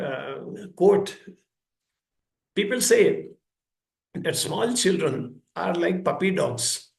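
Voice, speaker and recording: A man's voice: sits high, creaky. A man giving a public talk at a school, telling stories and acting out the voices of parents and children. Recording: echoey hall.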